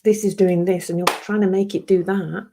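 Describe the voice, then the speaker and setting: A woman hosting a reflective solo podcast in a soft, emotional way, often laughing and dropping into whispers. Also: fairly low pitch, little pitch movement, moderate pace, noisy background. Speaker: podcast host.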